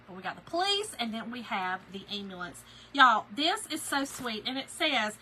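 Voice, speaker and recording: A middle-aged woman chatting casually on a craft live stream, gushing over designs and answering viewers. Her voice is bright and fairly high. A faint hiss sits behind her. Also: big pitch swings, normal speed, hardly any pauses, poor audio.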